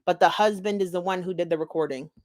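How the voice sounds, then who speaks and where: A woman on a live commentary panel, talking quickly as she explains her reasoning. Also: lowish voice, a little mellow. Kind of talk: casual commentary chat.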